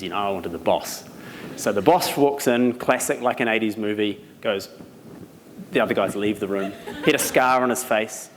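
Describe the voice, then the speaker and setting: A young man from New Zealand with a New Zealand accent, giving an animated storytelling talk at a live event, laughing as he goes. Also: lowish voice. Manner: animated, laughing as he tells stories. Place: event venue. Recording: reverberant hall, some noise.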